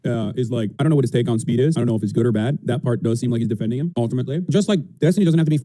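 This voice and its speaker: A man's voice: medium pitch, very fast, mellow, no echo. A man streamer giving argumentative, sarcastic commentary on clips. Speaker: political streamer.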